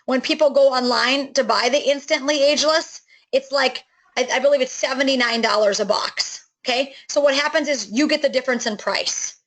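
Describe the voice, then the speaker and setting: A middle-aged woman giving an enthusiastic, chatty sales pitch for a network marketing business, with many fillers and restarts. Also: brisk, fairly bright tone, low-quality recording.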